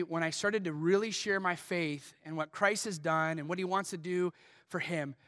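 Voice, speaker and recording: Bright, high-voiced male pastor preaching. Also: clean studio sound. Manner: personal storytelling, building to impassioned urging. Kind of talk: sermon. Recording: long hall reverb.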